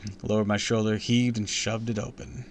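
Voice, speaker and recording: Reading a creepy children's tale to his live stream audience, the low-voiced man plays up the suspense with a theatrical, expressive delivery. He goes at a normal speed, and a faint background hum persists.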